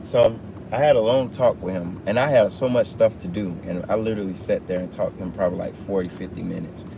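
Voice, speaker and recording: A man with a low, gravelly voice talks fast with fairly even intonation, giving a spontaneous motivational talk over a phone livestream from a truck. He repeats and stresses his points in a preacher-like cadence, and the vehicle cabin is noisy.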